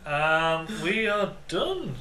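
A man chats and laughs through a game, his voice high and swinging widely as he jokes around. The sound comes from an echoey room with a noisy background. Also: very animated, extremely slow, sharp tone. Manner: silly, laughing, joking with mock voices. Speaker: gameplay commentator. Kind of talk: casual let's-play banter.

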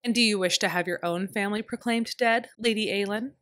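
A woman voicing a kindly, gently teasing older male priest in an audiobook. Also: medium pitch, fairly quick, no echo, natural voice. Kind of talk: audiobook character voice.

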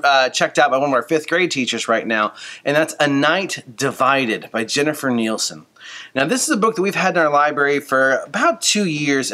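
A man's voice: on the high side, bright, forceful tone. A school librarian, a man, giving an upbeat, casual book talk to his students with playful asides.

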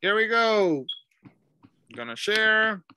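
A man's voice: sits high, sing-song, slow pace, bright, forceful tone, slight background noise. A man teaching English over a video call, patiently drilling pronunciation and switching into Spanish. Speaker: ESL teacher. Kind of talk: online English lesson.

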